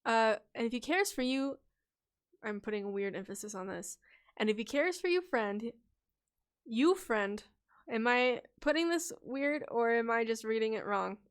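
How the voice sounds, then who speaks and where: A slightly high, clean, expressive female voice moves a little slowly as she reads viewers' character stories on a laid-back livestream. She's chatty and playful, often laughing, and catches and corrects her reading slips.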